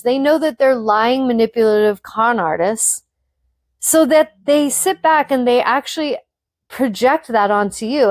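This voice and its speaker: A woman's voice: on the high side, a little mellow, dry recording, studio quality. A woman hosting a spiritual podcast, speaking frankly to her listeners in an emphatic, blunt monologue that swears freely.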